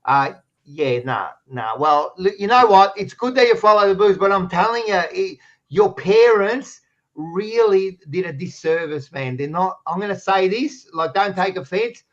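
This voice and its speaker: Loud teasing Australian man, muffled sound. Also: high voice, lively intonation, moderate pace. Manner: loud, teasing, swears freely. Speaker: podcast co-host. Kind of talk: casual footy chat.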